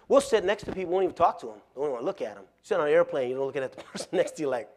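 A male pastor preaching a sermon in a folksy, plain-spoken way, telling animated stories with frequent laughter. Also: fairly high pitch, racing, few pauses.

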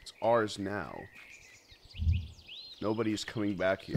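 A man's voice: medium pitch, big pitch swings, measured pace, a little hiss or hum. A man streaming a horror game, giving casual commentary with jittery, nervous exclamations.

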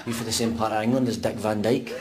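A man's voice: lowish voice, steady tone, a loud crowd, heavy background noise. A man with a Scottish accent, playing an irritable, sarcastic character in a comedy sketch. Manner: irritable, sarcastic, quick to rant. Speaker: comic actor in a sketch.

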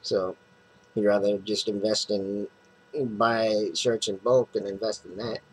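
A man's voice: fairly low pitch, level tone, unhurried, a little hiss or hum, poor audio. A man casually recapping a comic book plot, rambling with lots of fillers and restarts.

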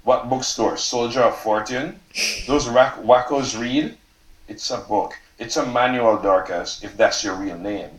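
A man's voice: mid-range voice, unhurried, natural voice. An author reading the part of a sarcastic, prying American man who needles with pointed questions, in a roomy hall. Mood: needling. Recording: roomy hall, mic from far off.

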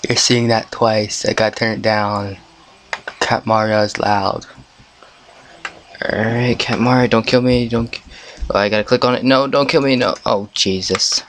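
A man narrating his own gameplay in a casual let's-play, excitable, talking to the game and swearing. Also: fairly low pitch, a little slow, slight background noise. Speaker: gameplay video maker.

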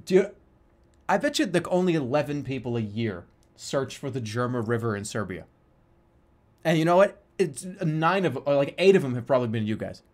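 A man streaming a game, rambling and joking about himself, then breaking into excited shouts. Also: medium pitch, fairly quick. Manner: rambling, self-mocking, bursts into excited shouting. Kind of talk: casual live-stream commentary while gaming.

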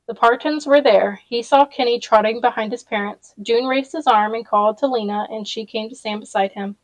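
A woman's voice: fairly high pitch, fairly quick, no echo, low-quality recording. A woman reading a novel aloud chapter by chapter, with casual personal asides along the way. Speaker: audiobook reader.

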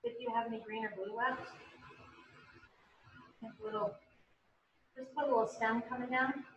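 This painting instructor's voice sits on the high side, with fairly even intonation and a moderate pace, heard through dull audio with slight background noise. She teaches an online painting class over a video call in a chatty, encouraging way, growing bubbly as she gives praise.

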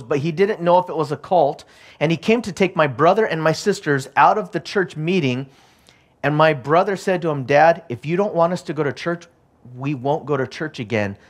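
Pastor man preaching with rising urgency. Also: on the high side. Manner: personal storytelling that builds to urgent, repeated exhortation. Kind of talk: sermon.

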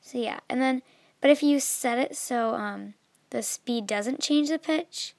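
A young woman explaining an app in a casual, chatty way, with many fillers and a voice that trails off softly. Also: sits high, measured pace. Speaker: video tutorial maker. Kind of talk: casual screen tutorial.

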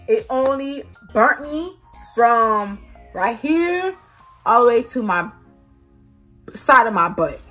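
A woman vlogger telling a storytime to her viewers, animated and swearing freely. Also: sits high. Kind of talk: storytime vlog.

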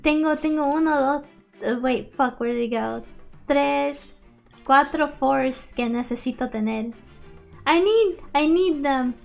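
A woman's voice: sits high, a little slow, vocal fry, faint music behind. A young woman streaming a game, chatting playfully with frequent laughs and switching between two languages. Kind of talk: casual chat.

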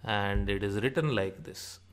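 A man teaching an alphabet lesson, saying each sound and example word slowly and repeating them. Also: lowish voice, smooth. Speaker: language teacher. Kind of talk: slow spoken alphabet lesson.

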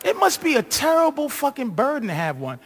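A man doing a crude, rambling stand-up comedy set on a live stage, shouting his punchlines and acting out voices. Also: extremely high pitch, wildly swooping pitch, brisk, some chatter behind, a little hiss or hum.

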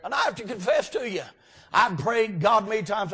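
High-pitched shouting preacher. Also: male voice, moderate pace, breathy edge. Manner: folksy, often bursts into shouting. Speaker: guest preacher. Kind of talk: revival sermon. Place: church sanctuary.

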